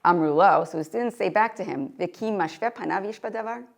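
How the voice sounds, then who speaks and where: Speaking fairly quickly in a gravelly, mid-range voice, a Torah teacher lectures to a live audience, reading Hebrew texts aloud and translating them. She asks questions often along the way.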